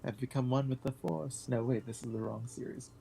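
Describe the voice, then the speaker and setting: A man's voice: medium pitch, fairly even intonation, fairly quick, creaky, dark tone, a little hiss or hum. A man in casual chat during a game playthrough, making dry joking quips. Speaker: let's play participant.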